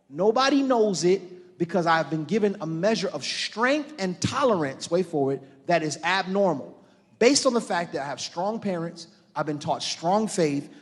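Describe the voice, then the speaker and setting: Middle-aged pastor, high-pitched, preaching with rising fervor, live in a church hall with a long echo. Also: male voice. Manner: preaching with rising shouted intensity, calling on the congregation. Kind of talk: sermon.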